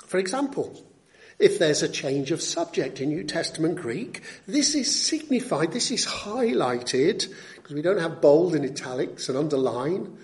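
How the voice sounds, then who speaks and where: A man's voice: a little high, darkish tone. A man preaching an expository sermon, teaching in an emphatic, teacherly way and repeating key phrases for weight.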